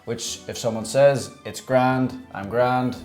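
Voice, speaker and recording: A man with an Irish accent co-hosting a travel vlog, who gives tips in a relaxed, chatty way with teasing asides. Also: medium pitch, a little slow, soft background music. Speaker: travel vlogger co-host. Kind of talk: casual travel-guide talk.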